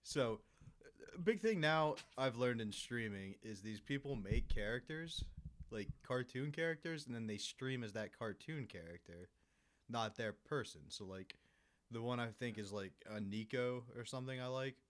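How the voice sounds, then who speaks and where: A man making dry asides and pitching ideas in a casual comedic chat. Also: animated, moderate pace, fairly bright tone.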